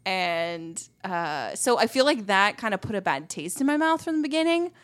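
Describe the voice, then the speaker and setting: A young woman chatting loosely on a podcast, meandering with plenty of "like" and "um" as she works her thoughts out. She giggles between phrases and keeps a relaxed, conversational flow at an ordinary pitch. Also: normal speed. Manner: rambling, filler-heavy, giggly. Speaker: podcast guest. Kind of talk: casual chat.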